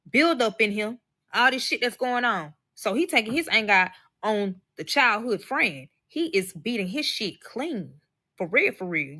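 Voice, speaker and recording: A woman's voice: medium pitch, sharp tone, no echo. A woman telling a personal story in casual, profane talk, speaking to her listeners as y'all and acting out the voices of the people in it. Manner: acts out quoted voices. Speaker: storyteller recounting a personal experience. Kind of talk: casual storytelling to a live audience.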